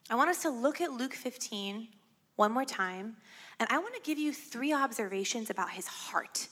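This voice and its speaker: A woman's voice: a little high, animated, a little fast, a bit bright. A woman whose first language is Farsi, preaching a sermon in a conversational way with frequent tag questions. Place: church.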